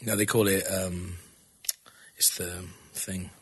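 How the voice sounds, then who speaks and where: A man's voice: sits low, level tone, takes it slowly, slightly rough. A man hosting a comedy podcast quiz segment, rambling and hesitant, with lots of fillers and laughter. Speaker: podcast host presenting a quiz feature. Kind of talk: casual comedy podcast banter.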